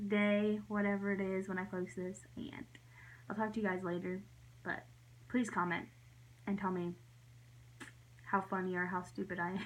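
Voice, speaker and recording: A young woman telling a story in a casual vlog, rambling and giggling, with lots of fillers and soft whispered asides. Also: medium pitch, slight background noise. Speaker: vlogger.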